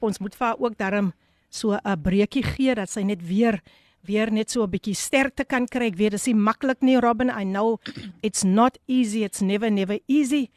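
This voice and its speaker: A South African woman hosting a live show, reading out listener greetings in a lively voice that switches between English and Afrikaans. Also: on the high side, no echo, clean studio sound. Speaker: host.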